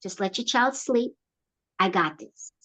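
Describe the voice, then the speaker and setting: A middle-aged woman, a program founder, telling her life story as an interview guest in an animated way and acting out quotes with big jumps in pitch. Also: measured pace.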